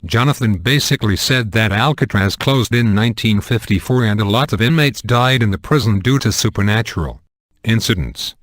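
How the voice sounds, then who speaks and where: A man narrates a spoof horror story in a flat, deadpan way, and the crude jokes land without any change of tone. His voice sits on the low side and sounds dry and close to the mic. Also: fairly quick, no room sound. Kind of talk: amateur comedic horror story reading.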